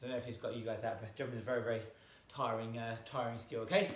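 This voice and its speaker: In a small, echoey room at home, with the mic far away, a man teaches an exercise lesson and counts reps aloud as he jumps. His mid-range voice holds a steady tone and moves very fast, and he gets out of breath.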